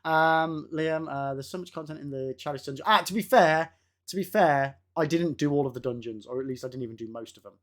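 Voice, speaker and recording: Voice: mid-range voice, fairly quick. A game streamer chatting casually with live viewers, laughing often and swearing now and then.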